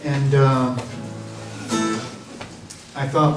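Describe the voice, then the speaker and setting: A man's voice: a little high, takes it slowly, music in the background. A man giving an informal eulogy with humor and laughing asides. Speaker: memorial speaker. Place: coffee house gathering. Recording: roomy, distant, chatty crowd.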